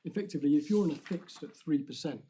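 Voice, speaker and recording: In a courtroom appeal, a man speaks formally and deliberately to the judges, often restarting what he says. His voice runs slightly high with a dark tone, over a bit of background noise.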